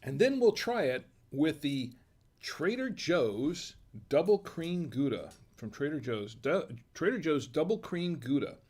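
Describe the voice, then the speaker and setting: A man hosting a home wine and cheese tasting, talking casually and thinking aloud with restarts and quiet asides. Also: fairly high pitch, very animated, unhurried, slightly rough. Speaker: host of a wine tasting show.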